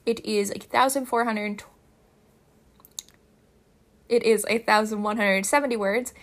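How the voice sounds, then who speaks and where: A woman's voice: mid-range voice, fairly even intonation, measured pace. A woman casually reading a fan story aloud, chatty, emphatic and swearing freely. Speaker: fanfiction reader.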